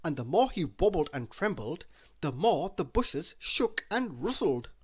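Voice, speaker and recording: A man reading a children's bedtime story aloud, slow and expressive. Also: a little high, slightly rough.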